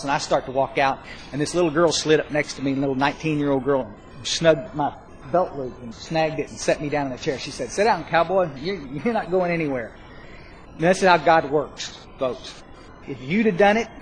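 Man, fairly high voice, folksy and rambling, self-mocking testimony, faint hiss behind. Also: rough recording. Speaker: recovery speaker sharing his story. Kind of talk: spoken testimony to a live audience.

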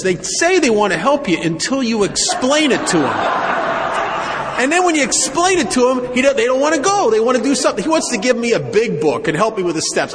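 A man's voice: sits high, gravelly. Wry man telling a story in a hall. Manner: wry, self-mocking, halting restarts. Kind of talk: first-person recovery story told to an audience. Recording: long hall reverb, faint ambience.

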